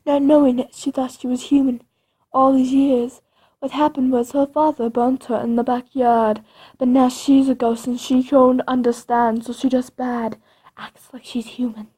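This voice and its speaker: Woman storyteller, high and husky, slow rambling spooky tale. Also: level tone, dark tone. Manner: rambling, dramatic with creepy asides.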